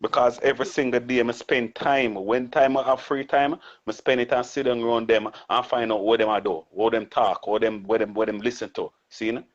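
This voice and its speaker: A man's voice: mid-range voice, fairly even intonation, a little fast, few pauses. Middle-aged Jamaican man, muffled audio. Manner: reflective, repeats tag questions. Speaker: guest artist. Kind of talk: casual interview talk.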